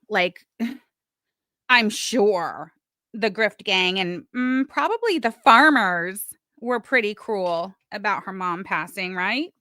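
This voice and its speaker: A woman's voice: mid-range voice, bright, forceful tone, dry recording, clean studio sound. A woman hosting a casual livestream, chatting and reading messages with sarcastic asides. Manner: chatty, sarcastic, talks to chat while doing other things. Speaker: livestream host.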